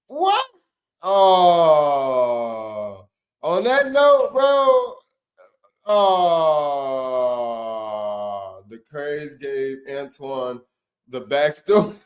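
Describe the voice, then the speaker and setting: Young man, livestream host, casual chat, slangy, profane, laughs a lot, unhurried, slightly high-pitched. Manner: laid-back, laughs a lot, slangy and profane, breaks into loud yelps.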